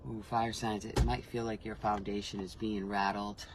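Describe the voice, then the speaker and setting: A man's voice: on the low side, flat delivery, moderate pace, background noise. Rambling man giving a casual spiritual reading. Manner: rambling, self-interrupting, swears freely; frank, emotionally reactive. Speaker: intuitive reader.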